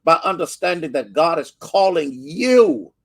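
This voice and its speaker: A man's voice: a little high, sing-song, unhurried. A man with an American accent, a pastor giving a short devotional sermon, building fervor through repetition and calling out to listeners by name. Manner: preaching with rising fervor, repetitions, call-outs to listeners.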